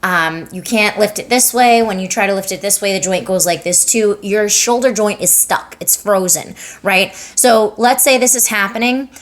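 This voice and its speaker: A woman's voice: medium pitch, moderate pace, few pauses. Chatty woman explaining a health topic. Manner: chatty, demonstrative, lots of fillers. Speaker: lymphatic drainage massage therapist. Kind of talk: casual educational explainer.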